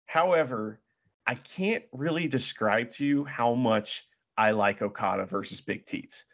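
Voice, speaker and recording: A man co-hosting a casual wrestling chat, animated, swearing freely and acting out quotes. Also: mid-range voice, a little slow. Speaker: podcast co-host. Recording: dull lo-fi audio.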